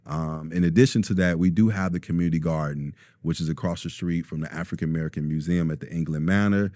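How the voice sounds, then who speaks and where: Man, low warm voice, relaxed storytelling guest. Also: fast, no room sound. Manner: relaxed storyteller, many ums, acts out quotes. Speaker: store owner, guest. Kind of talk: casual interview talk.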